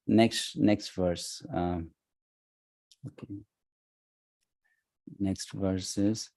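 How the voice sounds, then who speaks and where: Mellow-voiced man teaching a scripture class. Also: low-pitched, steady tone. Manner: conversational, frequent "you know" and "hmm", chants Sanskrit verses slowly. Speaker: course teacher. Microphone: online class audio.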